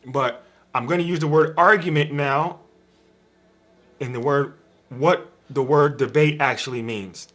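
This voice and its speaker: A man's voice: fairly high pitch, unhurried, pauses often, fairly bright tone. A man giving an informal spiritual teaching on a live stream from a room at home, repetitive and emphatic, speaking straight to his viewers. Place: home room with a dog bed in the corner.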